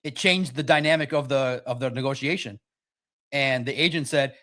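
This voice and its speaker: A man's voice: medium pitch, moderate pace, pushed and bright. A man hosting a football talk show, chatting casually and joking as he gives his takes. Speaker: sports talk show host. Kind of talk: casual sports commentary.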